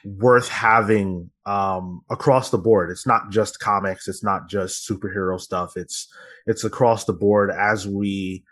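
A male podcast host with a somewhat low voice, talking in a loose, rambling way full of fillers. He chats casually and runs through the usual sign-off plugs. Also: steady tone, measured pace, fairly bright tone. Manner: rambling, filler-heavy, conversational.

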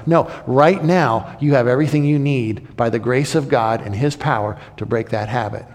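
A man delivers a sermon with earnest, repetitive emphasis, swinging between loud urging and hushed intimacy. His voice sits at an ordinary middle pitch and trails off into a long reverb, as in a large hall. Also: moderate pace, few pauses. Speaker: preacher.

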